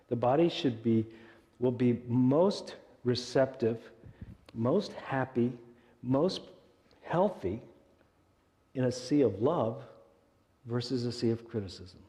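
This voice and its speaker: A man's voice: mid-range voice, dark tone, in a large hall. A male minister giving a conversational sermon, often asking the congregation rhetorical questions. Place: church sanctuary.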